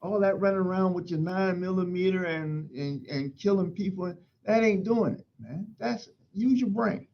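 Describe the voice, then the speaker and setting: A middle-aged man from Pennsylvania, a fire chief, telling stories in an interview in an emphatic, animated way. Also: high voice, normal speed, hardly any pauses, muffled recording. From Pennsylvania, USA. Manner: emphatic, animated storytelling with acted-out quotes. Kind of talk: storytelling in an interview.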